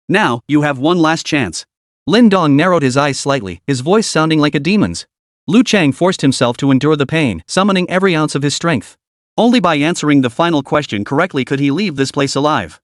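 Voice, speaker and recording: A man's voice: a little high, dry recording. Guy narrating a comic recap, dramatic, voice swinging all over, dry close sound. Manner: dramatic storytelling. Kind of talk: scripted story recap narration.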